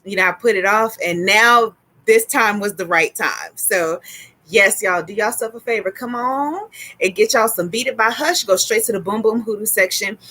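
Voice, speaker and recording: A woman hosting a casual tarot livestream, chatty and excitable, greeting viewers by name as she goes. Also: medium pitch, normal speed. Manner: sprinkles in laughs and exclamations. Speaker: tarot reader and livestream host.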